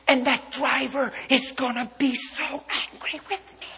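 A male preacher voicing a frantic grandmother after a car crash, with a fretful, pleading manner in a higher pitch. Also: steady tone, a little slow, creaky, exaggerated voice. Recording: long hall reverb.

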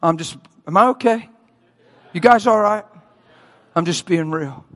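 A man preaching a sermon as a story, animated, acting out voices and screams and often laughing. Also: sits high, a little slow.

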